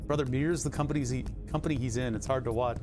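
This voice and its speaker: A man's voice: medium pitch, fairly even intonation, fast, over music. A man with a Philadelphia accent, streaming live and chatting casually, rambling, laughing often and swearing now and then.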